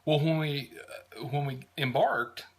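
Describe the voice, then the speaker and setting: An American man telling a travel story in a casual, rambling way, with frequent pauses and restarts. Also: fairly high pitch, fairly even intonation. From United States. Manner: rambling, many "uh"s and restarts, warm fondness.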